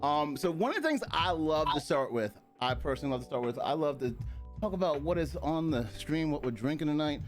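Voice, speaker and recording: A man's voice: fairly high pitch, animated, a little fast, faint music behind. A man from Maryland hosting a casual chat over drinks, upbeat and chatty, laughing easily. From Maryland, USA. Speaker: podcast host.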